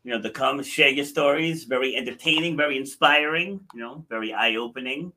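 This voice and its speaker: A man hosting a podcast who laughs along and thanks his guest warmly. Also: mid-range voice, fairly quick. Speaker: podcast host. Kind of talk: casual interview chat.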